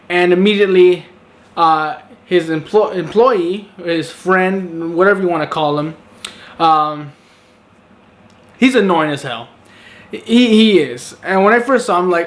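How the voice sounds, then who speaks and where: A man's voice: sits high, moderate pace. A man casually recapping a movie in a rambling, sarcastic way, full of fillers and exasperated asides. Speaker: movie reviewer. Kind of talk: casual spoken review.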